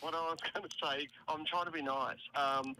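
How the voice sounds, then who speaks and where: Aussie guy calling in on a thin line, bright edgy voice, teasing. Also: fairly high pitch, fairly even intonation, moderate pace, clean tone, no room sound, rough recording. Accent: Australian. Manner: teasing, dry banter. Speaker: caller. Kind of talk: casual phone call-in.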